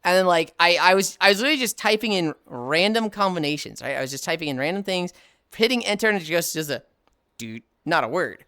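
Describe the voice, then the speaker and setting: A woman streamer chatting casually while she plays, animated and swearing freely, laughing often. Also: on the low side, quick pace, no room sound, clean studio sound. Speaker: live streamer. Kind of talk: casual chat while gaming.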